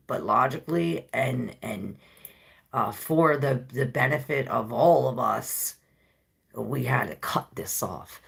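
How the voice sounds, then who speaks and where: A woman's voice: rumbling low, gravelly, fairly bright tone, slightly rough. A woman giving a casual tarot reading, talking to her viewers in a loose, rambling, informal way. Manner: chatty, talks to viewers directly. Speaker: tarot reader.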